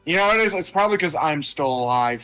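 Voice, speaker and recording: Bright-voiced man rambling a story. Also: fairly high pitch, expressive, fast, faint music behind, poor audio. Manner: rambling, lots of fillers. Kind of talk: casual storytelling chat.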